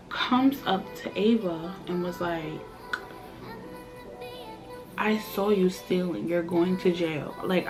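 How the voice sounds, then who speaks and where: Young New woman, vlogger, lively storytime delivery, mid-pitched, faint music behind. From Brooklyn, New York. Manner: animated storytelling, acting out quotes with laughs. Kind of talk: storytime chat.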